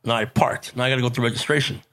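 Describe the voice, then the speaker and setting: A man with a Chicano English accent telling stories in a casual chat, animated, swearing and laughing. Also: medium pitch, rapid-fire. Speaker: podcast guest, actor and comedian.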